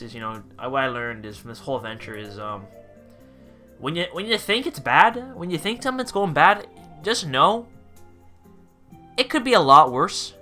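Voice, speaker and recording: A young man with a bright, sharp voice rambles through a storytime rant, exasperated and casual. He swears offhandedly and keeps circling back to his point, over faint background music. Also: a little high. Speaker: vlogger, pizza delivery driver.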